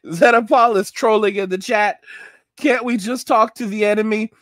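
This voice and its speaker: High-voiced man ranting emphatically. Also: steady tone, normal speed, fairly bright tone, dry recording, studio quality. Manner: emphatic, repeats phrases, keeps asking "all right?"; slips into mocking put-on voices. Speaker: host of a commentary livestream. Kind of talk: ranting commentary, reading viewer chat.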